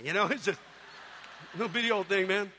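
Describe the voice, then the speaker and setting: A man preaching a sermon in a church, telling humorous stories with animated delivery. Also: high voice, quick pace, long reverb tail, slight background noise.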